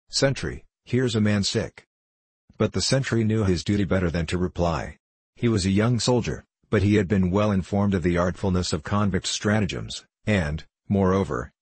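A man narrating a novel aloud in a steady storytelling manner, slipping into rough voices for the characters. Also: sits low, dry recording.

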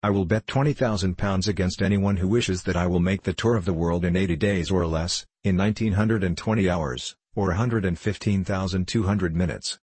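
A calm, precise English gentleman who never raises his voice, as an audiobook reader plays him. The voice sits very low with a husky edge. It is recorded dry and close. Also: brisk, few pauses, no echo. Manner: calm and composed. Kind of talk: audiobook dialogue reading.

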